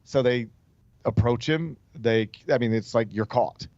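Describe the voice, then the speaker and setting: Male talk host, casual rambling storyteller, middle pitch, dry close sound, slightly dull audio. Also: unhurried, a little mellow, dry recording. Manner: loose, rambling delivery full of "like" and "um", with frequent restarts. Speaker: sports radio host.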